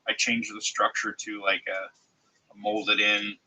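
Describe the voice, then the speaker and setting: A man with a cold streaming live, speaking congested and halting, with many fillers and restarts as he shows model parts to chat. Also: fairly low pitch, completely flat delivery, bright, forceful tone, poor audio. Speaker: streamer showing 3D-printed model car parts. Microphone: desk mic, close.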